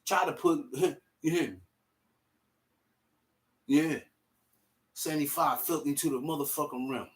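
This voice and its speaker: A young man telling a personal story in casual, animated street slang, swearing freely. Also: a little high, measured pace, pauses often. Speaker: vlogger.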